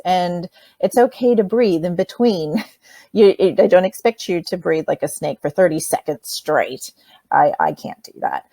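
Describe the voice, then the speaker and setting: A woman calmly teaching children simple breathing steps in a workshop lesson, speaking plainly and straight to them. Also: lowish voice, no room sound. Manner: demonstrates by breathing sounds.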